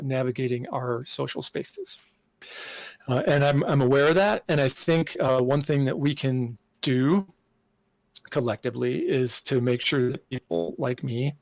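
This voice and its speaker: A man speaks in a considered, halting manner, pausing often with fillers and restarting his sentences. His voice has a gravelly edge. The sound is dry and close, with almost no room around it. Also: medium pitch, dry recording. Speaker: game designer guest. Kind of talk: podcast interview answer.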